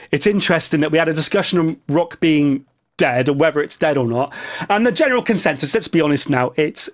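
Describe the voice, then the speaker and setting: A man giving a rambling, jokey vlog commentary full of chatty asides. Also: fairly high pitch. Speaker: vlogger. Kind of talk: casual opinion vlog commentary.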